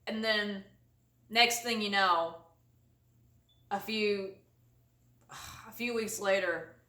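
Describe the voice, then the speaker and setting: A woman vlogger telling a comic story to camera, exaggerated and animated, laughing often. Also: medium pitch, extremely slow, reverberant, far from the mic. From United States.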